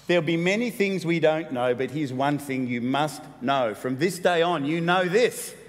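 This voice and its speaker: A man preaching a sermon as pastor, animated and playful, with quick asides. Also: fairly high pitch. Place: church hall. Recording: long hall reverb.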